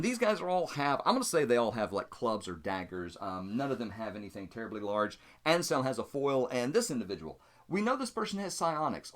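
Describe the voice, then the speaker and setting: A man's voice: mid-range voice, fairly bright tone. A man narrating a solo tabletop game as game master, thinking aloud and explaining his dice rolls.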